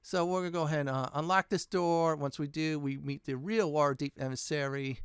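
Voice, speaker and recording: Brief: male let's-play host with a smooth, clear, slightly high voice, chatty and thinking aloud, dry close mic. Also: steady tone, a little fast, no room sound. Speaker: gaming channel host.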